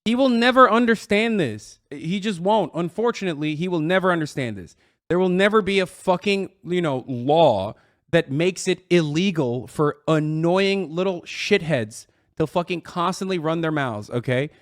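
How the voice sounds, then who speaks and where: A man's voice: fairly high pitch, moderate pace, dry recording, studio quality. Sarcastic, swearing male streamer. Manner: mocking, sarcastic, heavy swearing. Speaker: streamer reacting to a clip. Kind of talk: profane reaction commentary.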